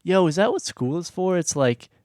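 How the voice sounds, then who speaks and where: A man's voice: sits high, animated, normal speed, darkish tone, no room sound, studio quality. A young man co-hosting a podcast in casual chat, slangy and swearing, saying "dude" and "like" a lot. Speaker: podcast co-host.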